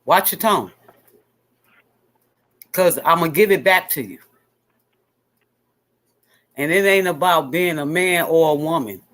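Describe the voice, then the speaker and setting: A woman's voice: low voice, slow pace, long pauses, fairly bright tone. A woman hosting a casual chat, speaking bluntly and repeating her points for emphasis. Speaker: host.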